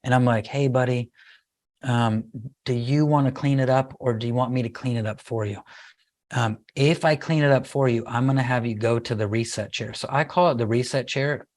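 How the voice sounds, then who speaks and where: A middle-aged man speaking as a guest in a podcast interview about parenting, telling a story in an animated way and acting out what he and his child said. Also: mid-range voice, normal speed.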